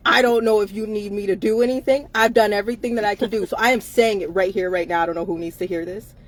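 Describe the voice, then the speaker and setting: A woman's voice: mid-range voice, steady tone, quick pace. A tired woman co-hosting a live chat, emphatic and repetitive, laughing often and swearing freely. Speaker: co-host of a live chat show. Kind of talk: casual live-stream chat.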